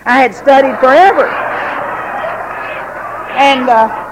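A woman telling a personal story to a recovery group, lively and laughing, acting out the voices she quotes. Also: sits high, takes it slowly, background noise. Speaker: recovery meeting speaker.

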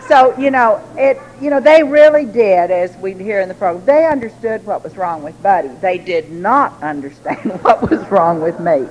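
A woman telling a personal story to a recovery group, lively and laughing, acting out the voices she quotes. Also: mid-range voice, normal speed, few pauses, lo-fi sound. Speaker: recovery meeting speaker.

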